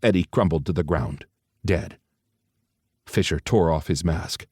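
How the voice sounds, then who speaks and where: Low-voiced guy narrating an audiobook, dry close sound. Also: measured pace, darkish tone, slightly rough, no room sound.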